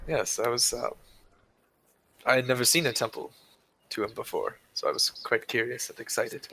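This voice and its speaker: A man's voice: mid-range voice, normal speed, bright, forceful tone, slight background noise. A man at a tabletop game, speaking for his character in a hesitant, stuttering, polite way. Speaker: player.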